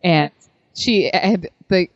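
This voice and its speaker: A woman's voice: fairly low pitch, takes it slowly, dry recording, muffled recording. A woman co-hosting a podcast, telling stories animatedly in casual chat and laughing often. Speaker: podcast co-host.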